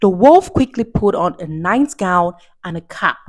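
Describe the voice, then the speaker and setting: A woman reading a storybook aloud for children, her pitch swooping up and down with lively expression. She takes the story at an unhurried pace, lingering over each phrase. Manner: slow, expressive and warmly animated.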